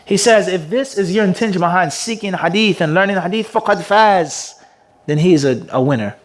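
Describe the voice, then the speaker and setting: Man, mufti, religious lecture, high-pitched voice, rhetorical questions to the class, rapid Arabic reading. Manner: call-and-response teaching with rhetorical questions the class answers; reads passages in Arabic at a rapid clip. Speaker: mufti teaching a hadith class.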